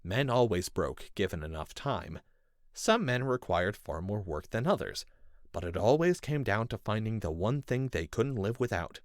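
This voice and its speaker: A man reading a first-person story in measured, intense scripted narration. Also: no room sound, clean studio sound. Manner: measured and intense, with lively pitch. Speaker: audiobook narrator.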